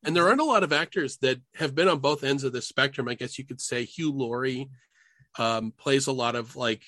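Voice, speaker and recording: A man co-hosting a casual podcast chat, talking in an animated way and laughing often. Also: mid-range voice, a little fast, dry recording. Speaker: podcast co-host.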